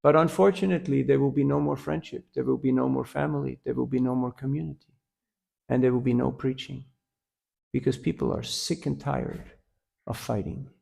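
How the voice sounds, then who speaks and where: A man's voice: mid-range voice, brisk, creaky. A man giving a devotional class, telling a story with humor and often asking the listeners "huh?". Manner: lively storyteller, asks "huh?" often, laughs at own jokes. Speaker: temple lecturer.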